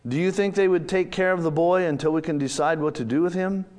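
A man's voice: a little high, steady tone, quick pace, darkish tone, natural voice. A man voicing a tall, businesslike woman social worker, speaking formally and matter-of-factly in a read-aloud story. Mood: concerned.

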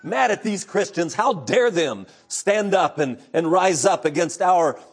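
A middle-aged male pastor preaching an earnest sermon, moving between loud emphatic passages and hushed, low storytelling. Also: expressive, a little slow. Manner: earnest, preacherly retelling of scripture.

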